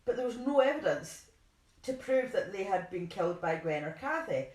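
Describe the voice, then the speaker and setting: A woman's voice: mid-range voice, very animated, moderate pace, darkish tone. Woman, podcast co-host, chatty and self-deprecating, roomy home recording. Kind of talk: casual chat, reading case notes.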